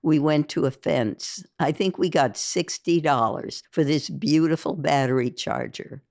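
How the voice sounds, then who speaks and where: A woman's voice: deep voice, unhurried, gravelly, darkish tone, no echo, studio quality. A woman reading a first-person memoir aloud, with an intense, emphatic delivery that rises for heated quoted speech. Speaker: audiobook reader.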